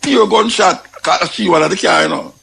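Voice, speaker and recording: A man's voice: high voice, moderate pace, creaky, bright, forceful tone, poor audio. A man with a Jamaican accent giving emphatic spoken commentary, repeating his points and often saying "you know".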